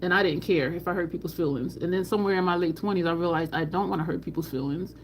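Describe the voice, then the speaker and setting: A woman's voice: on the low side, fast talker, slight background noise. A middle-aged woman from New Jersey with a New Jersey accent, hosting a makeup livestream in a blunt, candid and profane casual chat. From New Jersey, USA. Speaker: makeup channel host.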